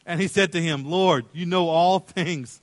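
Male pastor, dramatic sermon delivery, acts out voices, slightly higher pitch. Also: a little slow, no echo. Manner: swings from loud calls to hushed tenderness.

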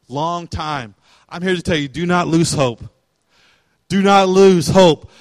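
A man's voice: sits high, fairly bright tone, no room sound. A male pastor preaching a sermon in a conversational way, asking questions and retelling scripture in everyday words.

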